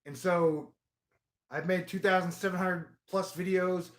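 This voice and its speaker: A man vlogging in a casual, rambling monologue, heavy on profanity and swinging into loud rants. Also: sits high, steady tone, unhurried. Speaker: video blogger.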